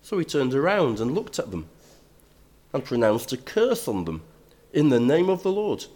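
An older man preaching a sermon, reading scripture aloud and then explaining it in a measured way that grows emphatic. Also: mid-range voice, big pitch swings, warm tone.

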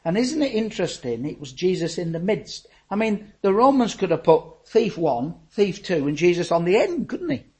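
Animated older preacher. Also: male voice, high-pitched, moderate pace, few pauses, low-quality recording. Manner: animated, swings from loud to hushed. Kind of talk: sermon with personal stories.

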